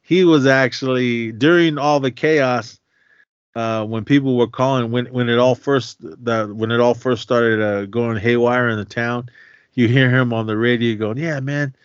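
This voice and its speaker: A man's voice: mid-range voice, steady tone, normal speed, clean tone, no room sound. A man co-hosting a podcast, casually recapping a film, rambling and restarting his sentences, often laughing and acting out lines. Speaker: podcast co-host. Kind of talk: casual movie recap chat. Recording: slightly dull dry podcast audio.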